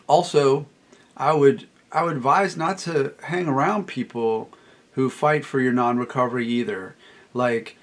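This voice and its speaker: A middle-aged man talking as a recovery coach, emphatic and repetitive, quoting clients in a raised voice. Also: medium pitch. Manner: emphatic, repeats phrases, quotes clients in a raised voice. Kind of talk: solo talk to camera.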